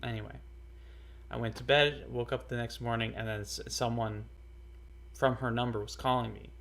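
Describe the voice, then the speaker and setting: A young man telling a personal story in a casual, earnest way, halting often with fillers and restarts. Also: medium pitch, fairly even intonation, creaky, fairly bright tone. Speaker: storyteller vlogger.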